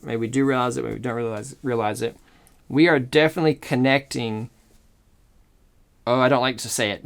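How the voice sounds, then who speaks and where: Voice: medium pitch, brisk, gravelly. Chatty cello teacher checking in often. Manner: explanatory, checks in often with "okay?" and "all right?"; thinks aloud and corrects itself mid-sentence. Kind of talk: online music lesson, demonstrating.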